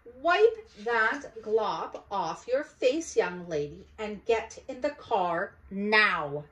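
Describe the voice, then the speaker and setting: A woman's voice: a little high, animated, moderate pace, voice pushed up, close to an everyday voice. A woman voicing a busy, patient mother who speaks in a coaxing but firm way in a storybook reading.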